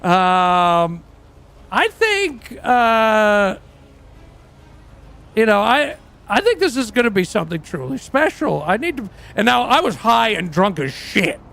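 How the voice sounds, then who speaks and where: A man's voice: high voice, big pitch swings, slow pace, vocal fry, pushed and bright, exaggerated voice. A man playing a crude, boastful aging rock singer who tells rambling, profane stories in a role-play livestream.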